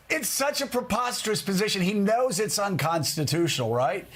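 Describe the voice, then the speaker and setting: Male political TV host, high husky voice, lively and incredulous. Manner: animated, incredulous, mocking. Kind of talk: political commentary.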